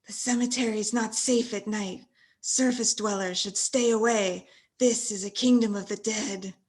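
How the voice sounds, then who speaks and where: A woman voicing a solemn female ghoul who guards a graveyard, speaking in a low, grave warning tone. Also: fairly even intonation, normal speed, darkish tone, close to an everyday voice.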